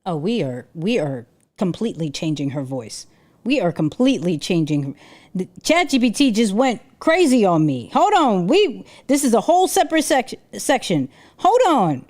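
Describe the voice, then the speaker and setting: A young adult woman hosting a casual livestream, animated and exclaiming, often restarting her sentences. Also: mid-range voice, normal speed. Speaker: livestream host.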